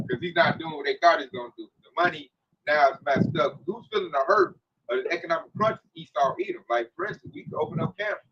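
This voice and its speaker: A man leading a casual religious discussion, talking in a slangy, emphatic, animated way. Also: a little high, fast talker, recorded from a distance, highs cut off, a little hiss or hum.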